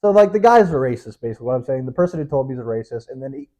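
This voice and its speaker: Rambling, swearing young man, mellow tone. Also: mid-range voice, expressive, very fast. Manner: rambling, profane, self-interrupting, laughs often. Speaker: podcast host. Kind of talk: casual rambling monologue. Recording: dull lo-fi recording.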